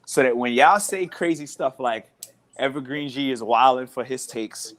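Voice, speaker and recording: A man's voice: mid-range voice, normal speed. A man co-hosting a casual sports chat over a Wi-Fi call from a hotel room, laid-back and given to repeating himself.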